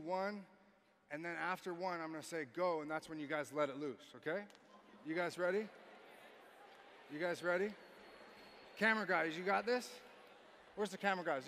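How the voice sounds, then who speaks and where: A man in his thirties from Canada speaks on a stage mic to a large arena crowd, coaxing and teasing them before building to big shouts. His voice sits a bit high for a man. Long arena reverb trails every line, over a faint hum of noise. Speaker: motivational speaker. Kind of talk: energetic keynote to a youth audience. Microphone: stage microphone.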